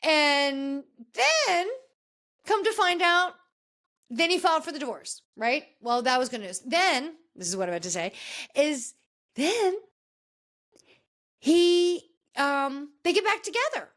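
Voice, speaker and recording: A woman hosting a podcast, recapping a reality show in casual, gossipy chat with animated, jumpy delivery. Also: slow pace, pauses often. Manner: animated, gossipy retelling with sudden pitch jumps. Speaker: podcast host.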